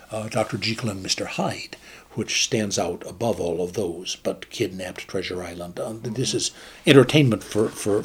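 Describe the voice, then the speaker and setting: A man's voice: lowish voice, a little mellow, breathy edge. A man reading a short fable aloud and then talking about it in a thoughtful, somewhat hesitant way. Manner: thoughtful, hesitant with restarts when talking freely.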